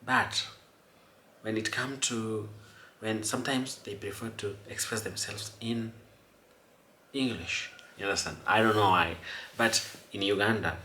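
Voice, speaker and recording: Man, lowish bright voice, rambling casual talk, echoey room. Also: slight background noise. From Kenya. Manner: rambling, repeats words, asks "you understand?". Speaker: host. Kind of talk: casual commentary.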